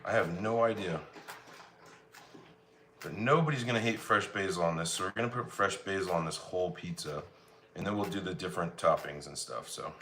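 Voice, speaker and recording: While cooking on a livestream, this easygoing host from Colorado, United States, reads out his chat's comments and replies in a relaxed, chatty way. He speaks in a low-pitched voice, briskly and with a sharp tone. There's slight background noise.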